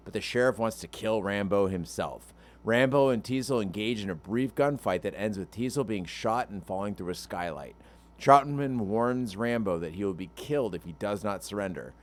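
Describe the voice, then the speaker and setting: A man on a movie podcast reads out a plot summary and then gives his take in a measured way, with a dry sense of humor. His voice is low but moves a lot in pitch. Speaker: podcast co-host.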